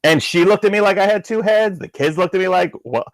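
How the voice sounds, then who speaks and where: Chatty man with a slightly high voice. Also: fast talker, no echo, poor audio. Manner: rambling, filler-heavy, laughs through stories. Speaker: podcast co-host. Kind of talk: casual podcast discussion.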